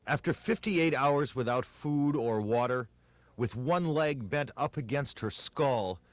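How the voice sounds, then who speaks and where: A man narrating a news piece in a grave, deliberate manner. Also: medium pitch.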